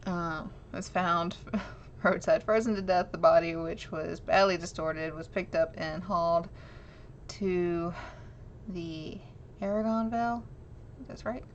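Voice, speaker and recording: Giggly woman streaming, low-key. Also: steady tone, takes it slowly. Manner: giggly, self-deprecating, chatty with viewers. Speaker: streamer reading an old newspaper clipping. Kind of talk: casual live-stream chat and reading aloud. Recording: slightly dull lo-fi stream audio with faint noise.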